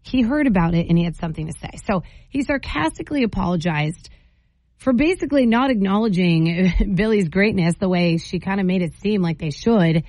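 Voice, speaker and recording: A woman's voice: medium pitch, expressive, a little fast, darkish tone, dry recording, poor audio. A woman hosting a morning radio show, telling a story with strong opinions. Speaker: radio host.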